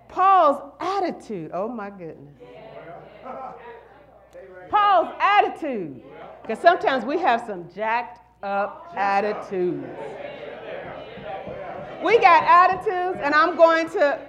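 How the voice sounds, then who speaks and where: A middle-aged woman preaching a sermon, calling out to the congregation and building to shouted refrains. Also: high-pitched, sing-song, takes it slowly, pauses often. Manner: call-and-response, rising to shouts.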